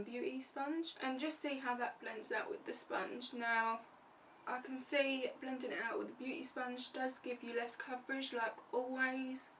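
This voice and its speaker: A woman's voice: on the high side, fairly bright tone. A woman beauty vlogger chatting casually through a makeup tutorial, narrating each step as she goes. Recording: distant mic with faint room noise.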